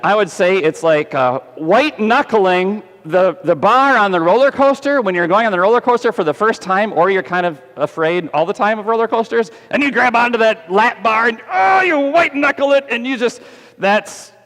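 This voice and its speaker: A man preaching a sermon as pastor, animated and putting questions to the congregation, kids included. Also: high-pitched, normal speed. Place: church sanctuary. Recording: echoey church hall.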